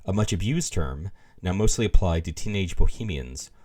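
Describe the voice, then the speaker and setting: A man's voice: sits low, lively intonation, moderate pace, mellow. A man reading glossary entries aloud on a live stream, adding wry, amused asides.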